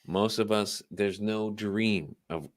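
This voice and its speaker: This lowish male voice moves slowly. He's a co-host on a laid-back late-night podcast, cursing freely and pressing hard on one point that he keeps repeating.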